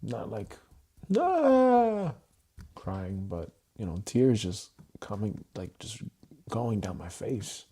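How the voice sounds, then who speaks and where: A man with a low, husky, mellow voice speaks on a livestream. He talks in halting, repeated phrases and often restarts mid-thought. His delivery is raw and emotional. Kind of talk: unscripted emotional livestream monologue.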